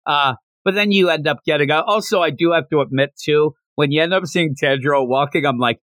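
A man hosting a casual podcast, recapping a manga chapter with jokes and frequent laughs, slipping into quick character voices. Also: fairly high pitch, dry recording, studio quality. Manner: animated, slips into character voices while retelling scenes; joking, laughs often. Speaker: podcast host.

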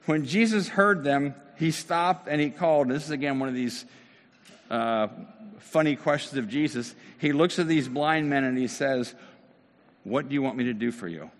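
A man's voice: medium pitch, moderate pace. Earnest preaching man in a reverberant hall. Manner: earnest, conversational preaching with rising emphatic bursts. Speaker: pastor. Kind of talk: sermon.

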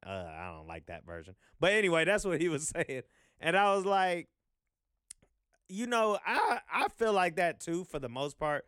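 Smooth, dry-voiced man rambling casually. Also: a little high, big pitch swings, normal speed, fairly bright tone, no echo. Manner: profane, loose, full of fillers. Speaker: vlog host.

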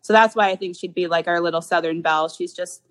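A woman's voice: lowish voice, fairly even intonation, fast, poor audio. A young woman guest in a casual podcast interview, talking fondly and often restarting her phrases.

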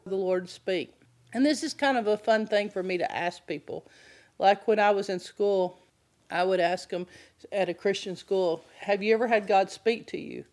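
A woman leads a casual Bible class in a conversational manner, repeatedly asking her listeners questions as she teaches. Her voice is medium-pitched and a little mellow.

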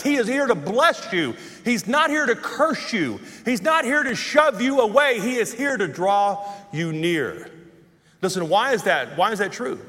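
A man's voice: extremely high pitch, sharp tone. A male preacher delivering an impassioned sermon, repeating phrases for emphasis. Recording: long hall reverb.

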